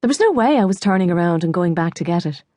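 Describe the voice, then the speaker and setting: A woman's voice: lowish voice, lively intonation, fast, dark tone, no room sound. A woman with an Irish accent narrating a novel in the first person, wry and dry. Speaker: audiobook narrator. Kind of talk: scripted narration.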